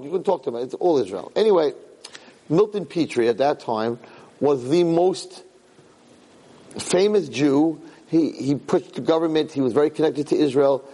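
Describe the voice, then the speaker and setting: A middle-aged man, a rabbi giving a Torah lecture, who tells a personal story in an animated, emphatic way and often repeats words and restarts phrases. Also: fairly high pitch, moderate pace, slightly rough, rough recording.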